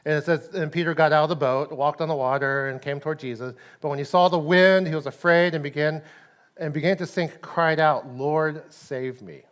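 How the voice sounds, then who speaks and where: A man's voice: on the high side, fairly even intonation, normal speed, a bit bright, clean tone. A man with a Texan accent preaching a casual sermon at a church service, chatty, laughing often and checking in with "right?". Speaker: pastor.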